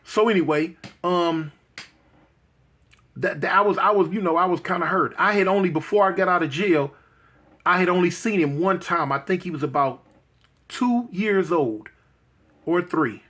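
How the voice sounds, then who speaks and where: Middle-aged guy, bit high voice, halting and repeating himself, soft and emotional storytelling. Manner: halting, repeats words, many fillers; soft-spoken and moved. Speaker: guest telling his life story.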